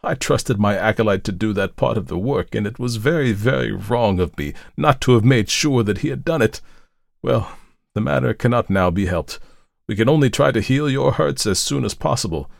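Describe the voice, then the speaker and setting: A hoarse man voicing a distraught, remorseful old priest in a read-aloud tale, speaking in an anguished, pleading way. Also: mid-range voice, animated, moderate pace, no room sound, clean studio sound, voice pushed up.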